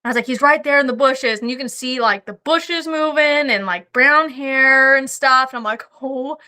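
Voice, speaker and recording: Woman guest, high voice, swears a lot, laughs through her stories. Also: moderate pace, bright, forceful tone. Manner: profane, laughing anecdotes. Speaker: podcast guest. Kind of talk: casual storytelling.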